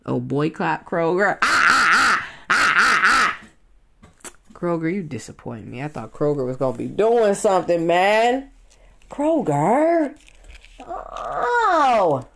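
A woman in her thirties ranting casually and profanely, swinging from loud outbursts to muttered asides. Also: on the low side, vocal fry. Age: 30s. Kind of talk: casual rant to camera.

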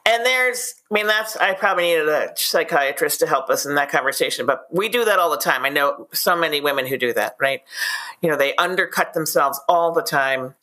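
A woman guest in an interview, a PR expert telling animated anecdotes in a blunt, straightforward way. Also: low-pitched, fairly quick. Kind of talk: casual interview storytelling.

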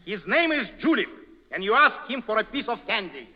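A man's voice: high-pitched, very animated, fairly quick. Blunt, bossy Russian-accented man. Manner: blunt, bossy, mangles words. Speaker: film director character. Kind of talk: 1930s radio comedy. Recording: muffled old radio broadcast with long reverb.

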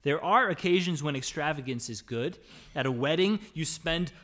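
A male pastor delivering a church sermon, reading scripture and explaining it, swinging between emphatic lines and quiet, soft endings. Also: fairly high pitch, animated, moderate pace. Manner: expository preaching, reading scripture aloud and explaining it; dynamic delivery, rising for emphasis and dropping to soft, quiet phrases.

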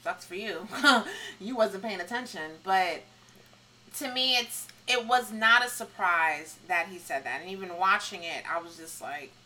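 A woman co-hosting a podcast, blunt and animated in casual chat, with frequent laughs. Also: medium pitch, measured pace, low-quality recording. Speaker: podcast co-host.

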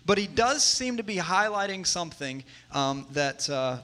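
Bright-voiced man in his thirties preaching. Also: high voice, lively intonation, moderate pace. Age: 30s. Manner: conversational, shifting from hushed to emphatic. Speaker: pastor. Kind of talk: sermon.

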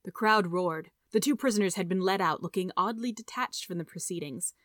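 A woman reading a story aloud in a steady, measured narration. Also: lowish voice, no room sound, clean studio sound. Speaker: audiobook reader.

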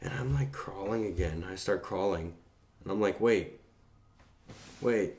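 A man's voice: low voice, lively intonation, normal speed, a little mellow. A young man telling a casual, profanity-laced anecdote in a rambling way.

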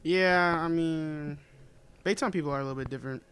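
A man from the Houston area chatting casually on a podcast, laid-back and quick to laugh. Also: a little high, fairly bright tone. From Houston area, Texas. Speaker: podcast co-host. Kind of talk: casual chat.

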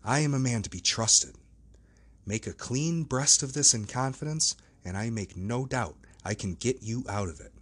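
A man reading the part of a steady, trustworthy lawyer who speaks firmly and reassuringly. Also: medium pitch, normal speed, slightly rough.

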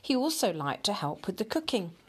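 A woman reading a picture storybook aloud in a slow, expressive storyteller manner. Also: medium pitch, breathy edge.

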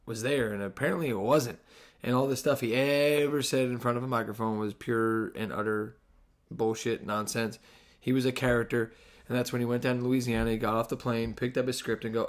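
A young adult man from New Jersey with a New Jersey accent, hosting a casual solo podcast in a sarcastic, animated, swearing manner. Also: mid-range voice. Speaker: podcast host.

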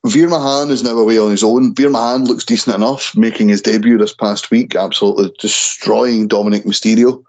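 Low-voiced man chatting casually. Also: steady tone, fairly quick, hardly any pauses, darkish tone, poor audio. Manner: stumbles and restarts over names. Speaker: wrestling podcast co-host. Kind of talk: casual chat.

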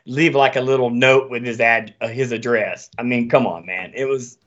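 A man's voice: mid-range voice, normal speed, lo-fi sound. A man hosting a podcast, ranting in casual chat with plenty of swearing. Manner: animated, profane ranting.

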